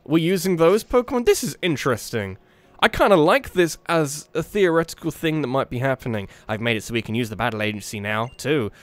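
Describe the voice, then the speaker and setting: A man hosting a let's play who chats through the game in a rambling way, often restarting his sentences. His fairly high voice leaps all over the place. The recording is dry and close, with no room behind him. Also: a little fast, dry recording. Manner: animated, rambling, self-interrupting. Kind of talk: casual gameplay commentary.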